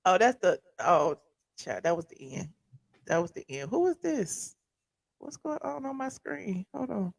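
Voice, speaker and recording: A woman hosts a casual live call-in show with a gravelly edge to her voice. She is brassy and teasing and cuts in on callers. The sound is dry and close. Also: medium pitch, expressive, no echo. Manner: brassy, teasing, quick to cut in. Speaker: host.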